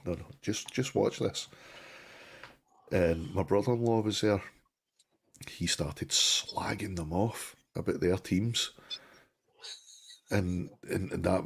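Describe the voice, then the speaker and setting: A middle-aged man from Clydebank with a Glasgow-area Scottish accent, telling stories on a casual live-stream chat and swearing freely. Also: low-pitched. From Scotland, Clydebank near Glasgow. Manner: storytelling, swears freely, restarts a lot. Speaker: co-host.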